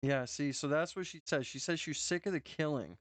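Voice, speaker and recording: A man's voice: fairly high pitch, brisk. A man with a North Dakota accent, a streamer giving loose, profane reaction commentary full of "bro" and "man".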